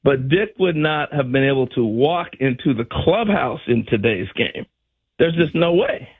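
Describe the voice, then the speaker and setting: A former ball player, an older man, tells animated stories on a talk show and acts out other people's lines with laughs. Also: mid-range voice, measured pace, slightly rough. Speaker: former baseball player, guest. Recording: dull lo-fi sound.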